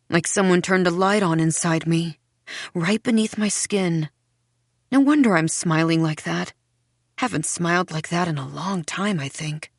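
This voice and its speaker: A woman reading a first-person mystery audiobook in a dreamy, unhurried, faintly unsettling way. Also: lowish voice, no echo, clean studio sound. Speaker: audiobook narrator.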